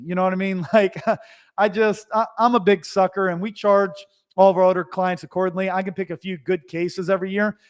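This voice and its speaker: A man who runs a Christmas lighting business, telling stories to viewers in an animated, chatty way. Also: high voice. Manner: animated, chatty, with restarts and asides. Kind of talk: casual storytelling to viewers.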